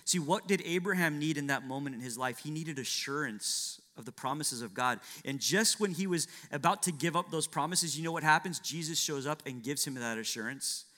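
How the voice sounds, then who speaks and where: Man, sermon, dramatic retelling, rhetorical questions, bright voice. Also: brisk, few pauses. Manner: dramatic, acts out biblical dialogue with shifts of pitch and loudness. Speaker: preacher.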